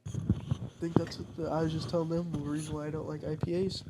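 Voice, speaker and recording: A man's voice: on the high side, level tone, quick pace, heavy background noise. A man chatting casually and telling a profane, rambling story with lots of swearing. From United States. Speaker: vlogger. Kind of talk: casual chat.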